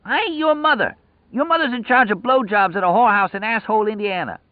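A desperate, foul-mouthed prisoner, put on by a man reading a story, yelling in a strained voice pushed far above his low speaking pitch. The sound is dry and tinny, like a phone line, with no room around it. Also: fast talker, no room sound, natural voice. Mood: frantic yelling. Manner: shrill frantic yelling, profane.

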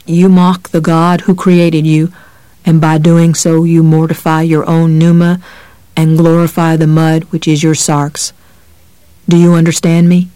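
A man's voice: a little high, clean tone, no echo. Man doing a brooding menacing cop. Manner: slow, deliberate enunciation, dark and brooding. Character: menacing big male cop, brooding, preachy, sick.

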